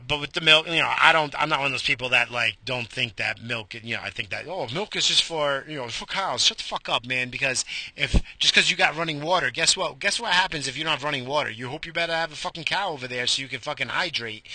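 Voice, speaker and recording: A man's voice: mid-range voice, creaky, sharp tone, no echo. A man in his forties ranting to himself in his car, swearing a lot and rambling from one gripe to the next. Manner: profane, rambling, talks to himself. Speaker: vlogger. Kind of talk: profane rant while driving. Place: inside a car.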